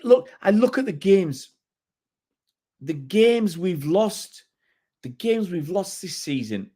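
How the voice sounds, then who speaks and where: A middle-aged man from England reacts live to a match on a fan stream, exasperated and circling back over the same complaints. His voice sits a little high for a man. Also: husky. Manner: exasperated, repetitive ranting. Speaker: fan channel host.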